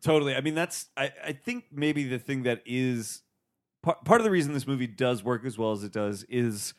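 A man's voice: mid-range voice, moderate pace. A man co-hosting a casual movie chat, explaining his views eagerly. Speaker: podcast co-host.

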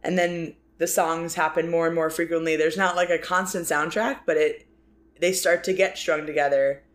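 A woman's voice: lowish voice, level tone. A woman co-hosting a casual film discussion podcast, talking in rambling bursts full of likes and restarts. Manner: rambling, many fillers and restarts, quick bursts. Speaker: podcast co-host.

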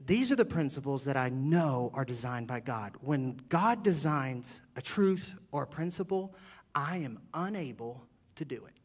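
A middle-aged man preaching a sermon as pastor, animated and joking, swinging from quiet asides to loud bursts. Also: medium pitch, a little slow, breathy edge.

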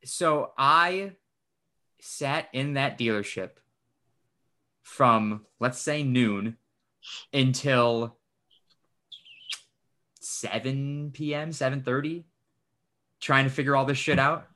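A man with a bright, forward voice tells a rambling story on a casual podcast. He is animated, curses freely and slips into quoting himself, with his pitch sitting in an ordinary middle range. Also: slow, long pauses. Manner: animated, swears often, acts out his own quoted lines. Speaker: podcast host.

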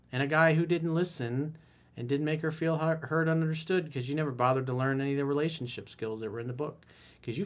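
A man as a dating coach giving blunt, profane advice in a podcast monologue, roasting the listener. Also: medium pitch.

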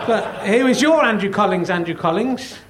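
A man's voice: high-pitched, animated, moderate pace. A man hosting a comedy podcast, mock-boastful and teasing, often laughing through his lines. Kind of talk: scripted comic double act. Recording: loud background noise.

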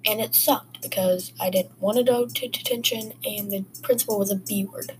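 A woman's voice: medium pitch, normal speed, a little mellow, slight background noise, rough recording. A woman hosting a casual podcast, telling personal stories in a rambling, chatty way full of fillers. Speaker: podcast host. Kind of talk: casual storytelling.

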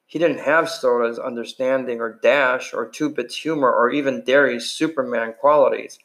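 Man reading a novel aloud, mid-pitched, casual, stumbles and restarts lines. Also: steady tone, moderate pace, a bit bright. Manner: unpolished reading with slips and restarts. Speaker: reader.

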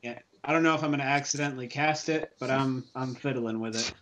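A man playing in a tabletop game, excitable and quick to yelp. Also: mid-range voice, crowd noise. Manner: excitable, bursts into yelps. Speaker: player. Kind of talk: casual tabletop game play.

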